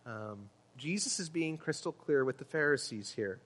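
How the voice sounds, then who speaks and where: A man's voice: fairly high pitch, animated, normal speed, hardly any pauses, a bit bright. A man preaching a sermon as pastor, earnest and emphatic, with some ums. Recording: long hall reverb.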